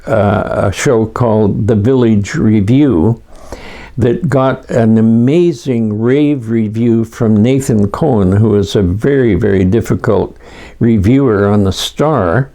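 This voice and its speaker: An older man in his eighties recalls the past for a documentary interview. He speaks at a slow, leisurely pace with a warm, soft tone. His storytelling drifts along, broken by frequent pauses. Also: medium pitch. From Canada.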